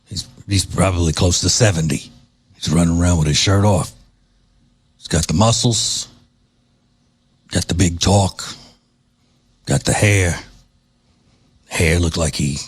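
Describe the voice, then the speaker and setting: A man doing a low, growling mock mobster. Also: a little slow, pauses often, breathy edge, no echo. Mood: mock menace. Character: menacing old-school male mobster, mocking.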